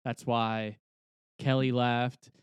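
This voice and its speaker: A young man co-hosting a sports podcast, measured and hedging with lots of fillers. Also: mid-range voice, level tone, clear, resonant tone, dry recording, studio quality. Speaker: podcast co-host. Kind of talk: casual sports chat.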